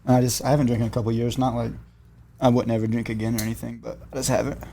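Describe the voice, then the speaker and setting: Male guest, mid-pitched, easygoing storyteller, faint hum in the room. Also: rapid-fire, gravelly. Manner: relaxed, laid-back storytelling with fillers. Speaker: podcast guest. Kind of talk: casual chat.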